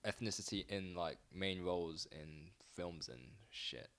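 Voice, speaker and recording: A man's voice: low-pitched, unhurried, crowd noise. A man co-hosting a casual podcast, rambling with lots of fillers and hesitations. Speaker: podcast co-host. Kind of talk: casual chat.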